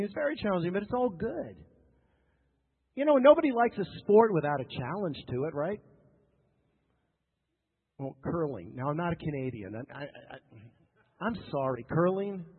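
Husky-voiced preacher in a reverberant hall. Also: male voice, high voice. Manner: emphatic and repetitive, with joking asides to the congregation. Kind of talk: sermon. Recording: tinny lo-fi sound with long hall reverb.

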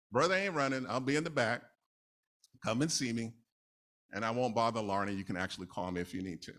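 A man's voice: medium pitch, lively intonation, quick pace, a bit bright. A man from New City, preaching a casual, conversational sermon with laughing asides. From New York City. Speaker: lay preacher.

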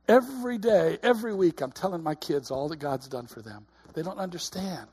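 A man's voice: fairly high pitch, lively intonation, brisk, darkish tone, slightly rough. A man in his fifties preaching a sermon in a conversational way, with repeated calls of "Amen?" and laughing asides. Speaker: pastor.

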